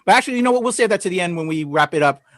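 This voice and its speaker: A man's voice: sits high, lively intonation, rapid-fire, fairly bright tone, dry recording, studio quality. A man hosting a casual review podcast over a video call, chatty and loose with many fillers, laughing often. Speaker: podcast host.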